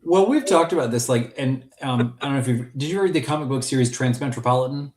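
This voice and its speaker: A man's voice: mid-range voice, quick pace, darkish tone, echoey room. A man co-hosting a fan podcast in casual chat, enthusiastic and joking, with frequent restarts. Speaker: podcast co-host.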